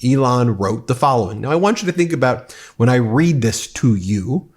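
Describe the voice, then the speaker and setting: A man's voice: mid-range voice, lively intonation, moderate pace, a little mellow. A man giving casual political commentary, talking straight to viewers and reading quotes aloud. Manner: conversational, reads quotes aloud with some emphasis.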